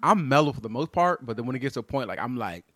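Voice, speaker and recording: A man's voice: medium pitch, lively intonation, quick pace, a bit bright, no echo. A man co-hosting a podcast, chatting casually about parenting in a rambling way with many restarts. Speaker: podcast co-host. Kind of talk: casual chat.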